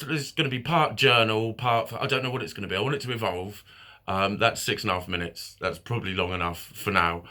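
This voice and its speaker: A man's voice: lowish voice, pushed and bright. A man talking frankly in a personal video diary, swearing often, stopping and correcting himself, with nervous laughs between thoughts. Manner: frank and heavy on swearing, halting with fillers and self-corrections. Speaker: mental health vlogger.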